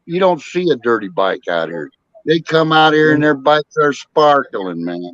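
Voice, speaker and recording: A man's voice: a little high, very animated, normal speed, a bit bright, no room sound, muffled recording. A man chatting casually, blunt and joking about bikes. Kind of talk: casual chat.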